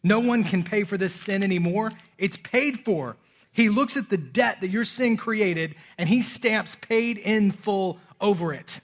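A man in his thirties preaching a sermon, swinging between loud urgency and soft, hushed moments. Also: sits high, unhurried. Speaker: pastor.

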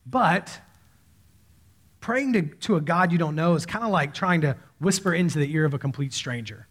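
This thirty-something pastor's voice is a little high and husky, at normal speed. His sermon unfolds as conversational storytelling, with lively quoted voices.

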